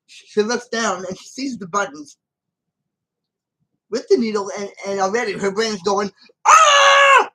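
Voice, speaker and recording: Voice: mid-range voice, moderate pace, pauses often, rough recording. Rambling, emphatic film commentator. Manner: rambling and repetitive, with many restarts; argues emphatically with the character. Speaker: channel host.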